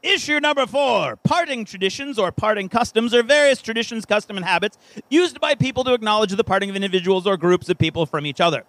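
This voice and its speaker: Male co-host, high and animated, dry close sound, teasing quiz-host energy. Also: fast talker, no room sound, low-quality recording. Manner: playful, animated quizmaster. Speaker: podcast co-host. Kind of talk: live podcast trivia quiz.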